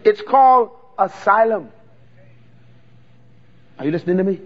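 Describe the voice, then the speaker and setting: A man preaches with a very high-pitched voice, stretching out words for weight and leading the crowd in call-and-response. The recording sounds dull and lo-fi. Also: expressive, unhurried. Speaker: pastor. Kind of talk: sermon.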